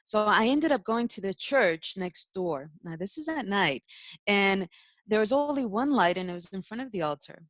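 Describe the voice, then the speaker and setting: A woman's voice: mid-range voice, expressive, normal speed, fairly bright tone, no echo. A young woman, a spiritual teacher, telling a personal story in casual talk, emotional, laughing often and using many fillers.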